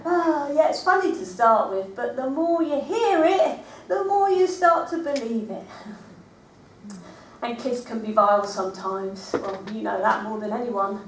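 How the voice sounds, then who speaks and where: A scatterbrained, self-mocking woman, played by an actress rambles through a comic stage monologue. Her high voice leaps around as she talks, heard from a distance in a roomy hall. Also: expressive, measured pace, a little hiss or hum. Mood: rambling. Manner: chatty, rambling, self-deprecating.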